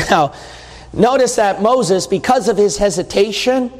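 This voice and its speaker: A man preaching a sermon in a church, emphatic, putting questions to the listeners and swinging between slow stressed words and quick bursts. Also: high voice, lively intonation. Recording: long reverb of a large hall.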